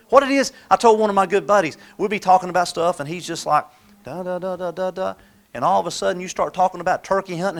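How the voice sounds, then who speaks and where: A man's voice: high-pitched, a bit bright. Folksy man, fervent storyteller. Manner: folksy, storytelling, acts out quoted voices. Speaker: motivational speaker. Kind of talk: live motivational talk.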